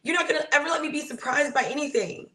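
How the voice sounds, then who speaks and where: A woman co-hosting a casual reality TV recap, giving her measured opinion and her own rules. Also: sits high, animated, pushed and bright, rough recording. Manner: thoughtful, sets out her personal rules. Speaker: podcast co-host.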